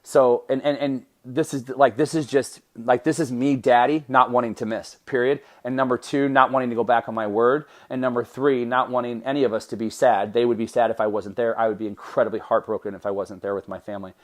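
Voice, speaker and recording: A man in his thirties, hosting a podcast, tells a personal story in an animated way, often breaking off and restarting his sentences. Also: medium pitch, a little fast, few pauses. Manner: animated, self-interrupting storytelling with restarts and laughs. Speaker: podcast host.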